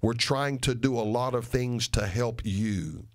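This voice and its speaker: A man's voice: mid-range voice, measured pace. An older man, a pastor, making an earnest and emphatic appeal to his listeners, repeating phrases for stress. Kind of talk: radio sermon and ministry appeal.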